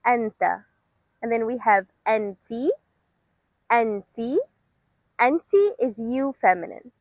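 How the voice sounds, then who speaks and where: A fairly high-voiced young woman from Egypt teaches an absolute-beginner language class out of doors. She speaks slowly and clearly, repeats each word for the learner and praises them often. Her voice sounds close and dry, with almost no room sound. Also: expressive, no room sound, poor audio. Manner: slow, clear, encouraging drill delivery. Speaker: Arabic teacher. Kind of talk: language lesson with repetition drills. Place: outdoors.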